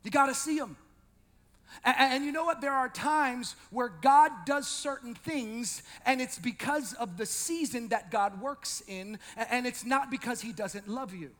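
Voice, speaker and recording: A male pastor preaching an animated sermon, swinging from loud shouting to quiet intensity, with joking asides to the congregation. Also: extremely high pitch, unhurried, long reverb tail.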